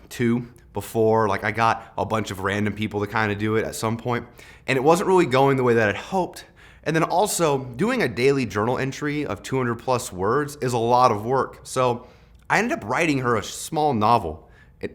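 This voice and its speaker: A young man hosting a devotional talk, telling a personal story in a conversational way with lively swings in loudness. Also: medium pitch. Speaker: devotional host.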